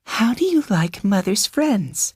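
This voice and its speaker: Man doing a young society woman, high airy voice, breathy, drawn-out slow lines, dry sound. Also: big pitch swings, darkish tone, dry recording, heavily acted. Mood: doting. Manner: breathy, sighing, half-whispered. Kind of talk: audiobook character voice.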